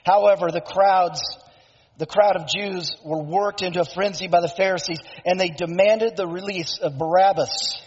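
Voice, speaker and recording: A male preacher who tells the story emphatically, often stopping to restate himself. His voice is high and husky. The sound is dull and lo-fi, with long reverb from a hall. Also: fairly even intonation, normal speed. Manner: emphatic storytelling, self-interrupting. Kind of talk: sermon, dramatic retelling.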